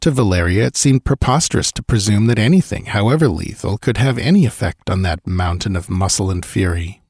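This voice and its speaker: A man giving audiobook narration in measured, steady storytelling. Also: lowish voice, breathy edge, dry recording, clean studio sound.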